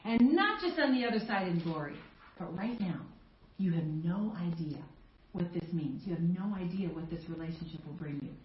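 A woman pastor preaching a sermon in an expressive, emphatic way. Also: fairly low pitch, moderate pace, slight background noise. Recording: dull, echoey church recording.

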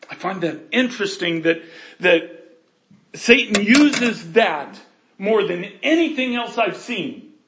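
A man preaching a sermon, earnest, swinging between loud passages and hushed ones. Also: sits high, echoey room. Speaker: pastor.

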